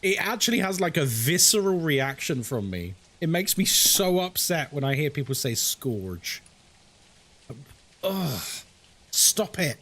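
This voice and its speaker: A man's voice: a little high, lively intonation, moderate pace, few pauses, fairly bright tone. A man streaming a horror game, chatting casually to viewers and ranting with frequent swearing and laughter. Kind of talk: casual live-stream commentary.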